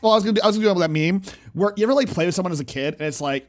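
A man's voice: sits high, racing, few pauses. A young man streaming a casual reaction to a TV clip, joking and talking back at the screen. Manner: excitable, jokey, talks back at the screen.

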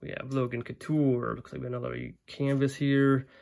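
A man hosting a casual box-opening video, sounding stuffy and congested, clearing his throat now and then. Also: medium pitch, background noise. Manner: relaxed, unhurried, clears throat often. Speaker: card-collecting channel host.

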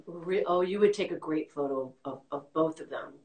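A woman's voice: deep voice, moderate pace, a little mellow, slight background noise. A woman hosting a casual interview, chatty, reading out listener questions. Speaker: interview host. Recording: roomy echo.

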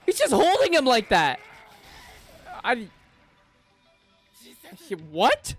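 Excitable man reacting, lively swooping voice. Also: takes it slowly. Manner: excitable, profane slang, swings between shouted outbursts and low mutters. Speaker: anime reaction streamer. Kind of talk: live anime reaction commentary. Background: faint anime soundtrack music.

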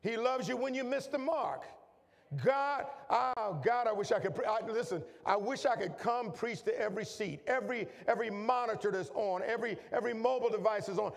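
Male pastor, sermon, repetitive, call-and-response, high voice, long church reverb. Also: brisk, creaky. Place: church sanctuary.

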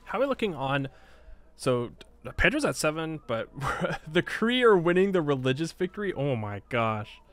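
A man's voice: a little high, very animated, normal speed, a bit bright, soft background music. A man giving casual Let's Play commentary on a strategy game, chatty and self-mocking, often talking back at the game.

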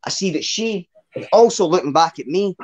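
A man's voice: high voice, animated, moderate pace, a little mellow, highs cut off. A young Glaswegian man doing a rambling, sweary stand-up set at an online open mic, tagging lines with "man". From Scotland. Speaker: stand-up comedian.

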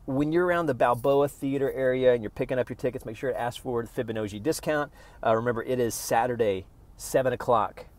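A man's voice: medium pitch, fast talker. A man from Oklahoma doing a rambling, sarcastic stand-up bit, mocking what he reads with put-on voices. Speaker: comedian.

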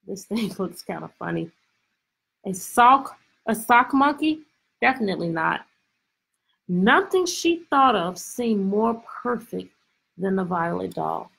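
A woman teacher reading a picture book aloud to her class over a video call, expressive and full of questions. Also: a little high, creaky, breathy edge, rough recording. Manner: lively, expressive, stretches words, asks questions. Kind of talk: storybook read-aloud lesson.

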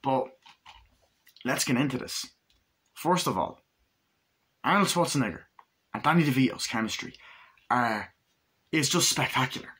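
A man's voice: mid-range voice, expressive, moderate pace, pauses often, fairly bright tone, slightly rough. A man casually reviewing a film for his vlog, enthusiastic and swearing freely as he acts out scenes. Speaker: movie reviewer.

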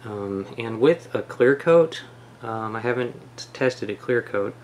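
A man casually explaining a product test as a hobbyist, relaxed, with many pauses and restarts. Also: medium pitch, a little hiss or hum. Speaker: hobbyist reviewer. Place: home shed.

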